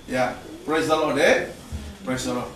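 A man's voice: medium pitch, steady tone, a little slow, fairly bright tone, faint music behind. A man preaching at a mission training, peppering his talk with "praise the Lord" and "eh?". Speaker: pastor leading mission training. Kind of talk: preaching sermon. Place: church hall. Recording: echoey church hall, mic far off.

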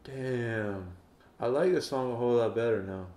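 A man's voice: medium pitch, normal speed, a little mellow. A man hosting a music reaction video, chatting casually and playfully mock-quoting the singer. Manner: playful, mock-quotes the singer in put-on voices. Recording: roomy echo.

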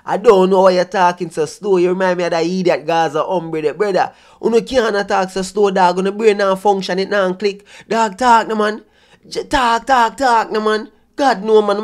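Speaking at normal speed in a high voice with fairly even intonation, this Jamaican man comments on clips as a vlogger. His reactions are casual, exasperated, and mocking, laced heavily with patois.

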